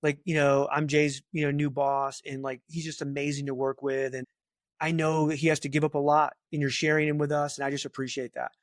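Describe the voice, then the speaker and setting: Chatty animated man, dry close sound. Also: fairly high pitch, fairly quick, dry recording. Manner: chatty, animated, lots of fillers and asides. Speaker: talent acquisition leader, guest. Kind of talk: casual interview talk.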